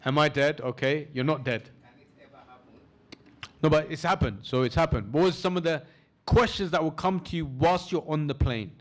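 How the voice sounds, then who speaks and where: Leading a training course, a man with a slightly high voice lectures energetically, poses questions to the audience, and slows down to stress points while guiding them through an imagined scene.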